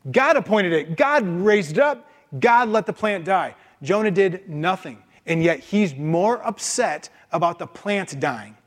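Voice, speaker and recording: Pastor, sermon delivery, high-pitched man, emphatic, punches his points with rhetorical questions.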